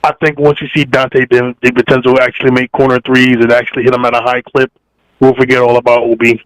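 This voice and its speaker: A man's voice: mid-range voice, level tone, quick pace, clean tone, no room sound, poor audio. A man calling into a podcast for a casual chat, easygoing and hesitant, with many fillers. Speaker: caller.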